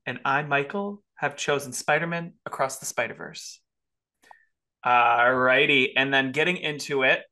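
A man's voice: mid-range voice, bright, forceful tone. A man hosting a podcast in casual chat, rambling and exclamatory. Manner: chatty, rambling with fillers, exclamatory. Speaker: podcast host.

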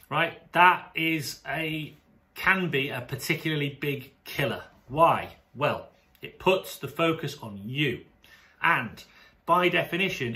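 A man with a British accent, a sports coach talking casually to camera in an animated, chatty way, often restarting his sentences. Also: a little high. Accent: British English. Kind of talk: casual vlog monologue to camera.

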